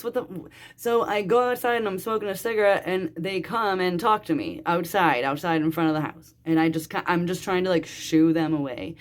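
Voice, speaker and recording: A woman's voice: on the low side, moderate pace. A young woman telling a personal story in a rambling, casual way, full of fillers and swearing. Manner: swearing, rambling, lots of "like" and "dude". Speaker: vlogger.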